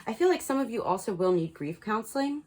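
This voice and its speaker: A woman's voice: on the high side, big pitch swings, quick pace, a little mellow, low-quality recording. A woman reading cards and giving frank spiritual advice to her viewers, swearing freely and repeating words for emphasis. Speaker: tarot card reader. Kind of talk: casual spiritual guidance to camera.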